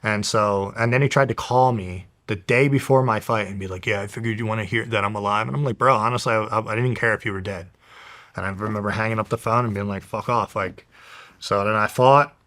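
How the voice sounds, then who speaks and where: A young man from New Jersey tells his story as an interview guest. His voice sits low and pushes hard and tense. He talks bluntly and swears all the time. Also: fairly even intonation, fairly quick, a bit bright. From New Jersey, USA. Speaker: guest, professional fighter. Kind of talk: casual storytelling.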